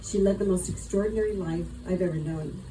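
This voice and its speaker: A woman's voice: lowish voice, fairly even intonation, brisk, noisy background. Woman giving a heartfelt eulogy. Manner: earnest, affectionate. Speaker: eulogy speaker. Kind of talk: heartfelt memorial tribute. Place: memorial gathering.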